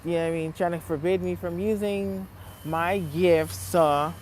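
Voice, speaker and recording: A woman vlogging in a casual rant, blunt and profane, swinging between low muttering and loud heated outbursts. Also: steady tone, normal speed, slight background noise, poor audio. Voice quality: blunt, heavily profane street talk. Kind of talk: casual unscripted vlog rant.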